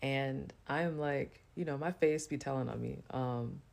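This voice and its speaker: Woman rambling thru a storytime, lots of "like" and "you know", bit of vocal fry. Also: rumbling low, a little slow, darkish tone. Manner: loose, chatty, full of "you know" and "like" fillers. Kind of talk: casual storytime monologue.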